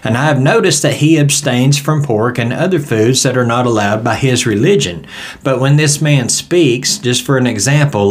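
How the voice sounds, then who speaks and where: Southern US man, Bible study teacher, relaxed folksy delivery, medium voice. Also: mid-range voice, a little hiss or hum. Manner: folksy storytelling, conversational.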